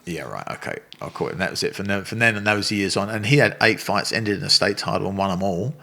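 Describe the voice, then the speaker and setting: This interview guest, a Muay Thai coach in his sixties with an Australian accent, talks fast in a lowish, steady voice with a bright, forceful tone. He rambles through blunt anecdotes, swearing and laughing along the way.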